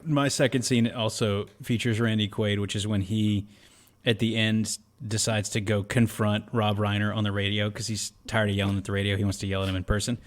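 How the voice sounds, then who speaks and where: A man's voice: fairly low pitch, brisk. A man co-hosting a movie podcast, casually chatting and acting out scenes from the film. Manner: animated, acts out movie lines in quotes. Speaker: podcast co-host. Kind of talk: casual movie review chat.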